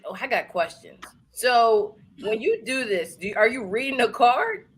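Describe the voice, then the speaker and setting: A woman's voice: a little high, very animated, measured pace, breathy edge. A woman hosting a casual podcast, curious and teasing, running the segments and asking questions. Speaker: podcast host. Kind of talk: casual chat.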